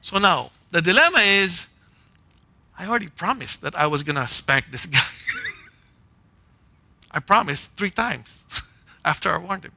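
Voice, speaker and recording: A man's voice: high-pitched, lively intonation, a little slow, creaky, long pauses, sharp tone, dry recording. A man preaching a conversational sermon, telling a personal story in short punchy phrases and often checking in with "right?" and "okay?". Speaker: pastor.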